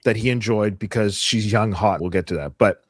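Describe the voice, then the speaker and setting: A man's voice: fairly low pitch, brisk, breathy edge, no room sound. A man hosting a podcast, mocking a clip with sarcastic commentary and mimicry. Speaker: podcast host.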